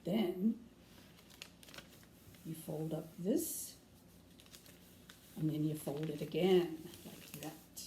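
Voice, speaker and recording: A woman's voice: deep voice, very slow, long pauses, dark tone. A woman hosting a children's craft lesson in a playful pirate persona, telling corny jokes and giving step-by-step instructions. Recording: echoey room from a distant mic with faint noise.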